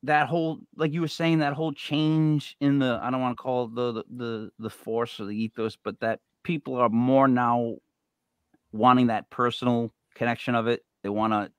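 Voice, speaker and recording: A man's voice: mid-range voice, little pitch movement, moderate pace, smooth, no echo. A man from New England hosting a casual interview, rambling and chatty with many fillers and restarts. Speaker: show host.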